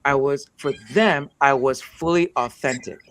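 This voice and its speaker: A man's voice: mid-range voice, a little slow, a bit bright. A man born in the United States and raised in Nigeria, telling a personal story in a casual conversation with earnest reflection and frequent restarts. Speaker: co-host.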